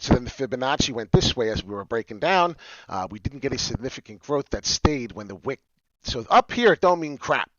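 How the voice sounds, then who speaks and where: Brief: excitable male chart-vlog host, animated swooping delivery, dry dull lo-fi sound. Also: on the low side, no room sound. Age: adult with a young child. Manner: excitable, swings into loud rants. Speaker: crypto chart video host. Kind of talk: casual crypto chart talk to camera. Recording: dull lo-fi audio.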